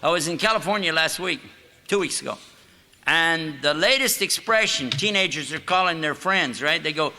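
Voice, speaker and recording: A man's voice: fairly high pitch, moderate pace, bright, forceful tone. Folksy older man lecturing in echoey hall. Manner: folksy, joking storyteller. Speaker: Islamic lecturer. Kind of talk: lecture with joking asides. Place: mosque hall.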